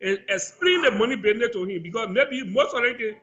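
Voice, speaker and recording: A man's voice: extremely high pitch, quick pace, fairly bright tone, muffled recording. A man calling in to a talk show, arguing indignantly. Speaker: caller.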